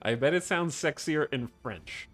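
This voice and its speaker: A man chatting casually on a live stream, joking and animated, laughing often. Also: on the high side, a little slow, faint music behind.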